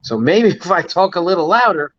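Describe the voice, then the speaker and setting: A man's voice: high-pitched, big pitch swings, brisk, a bit bright, no room sound. Blunt man on a dull, lo-fi mic. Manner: blunt, joking and profane. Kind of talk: casual chat. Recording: dull, lo-fi audio.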